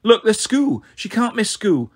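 A man's voice: high-pitched, sing-song, unhurried, pitched above the performer's own voice, heavily acted. A man voicing a distraught, unstable mother pleading on the phone, in an audiobook reading. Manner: pleading, emotional.

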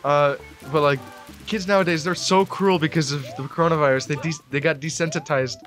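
Young man, late teens, gamer commentary, rambling, sudden yelps, slightly high voice, desk mic, soft music behind. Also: steady tone, brisk. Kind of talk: let's play commentary.

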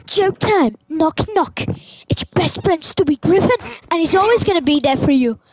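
A woman's voice: very high-pitched, animated, moderate pace, darkish tone. A woman putting on an impression of a bratty, scheming cartoon baby boy. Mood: taunting. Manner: put-on mocking impression.

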